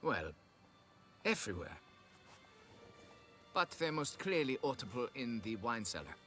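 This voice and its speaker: A man's voice: mid-range voice, big pitch swings, a little slow, bright, forceful tone, faint music behind. An actor voicing a pompous, haughty middle-aged nobleman who owns a vineyard, in video game dialogue. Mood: aloof. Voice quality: pompous, condescending.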